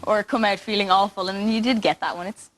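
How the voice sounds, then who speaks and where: A woman's voice: mid-range voice, steady tone, fairly quick, fairly bright tone. A teenage girl chatting casually as an actress guest in a TV studio, giggly and talkative. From Ireland. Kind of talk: casual interview chat.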